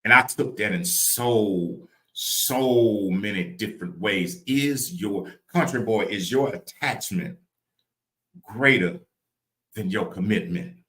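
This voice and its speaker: A man's voice: on the low side, pushed and bright. Guy doing a preachy porch talk on a stream, drags out his questions, room's got some echo. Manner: preachy, drawn-out rhetorical questions, calls out to viewers by name. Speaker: live stream host.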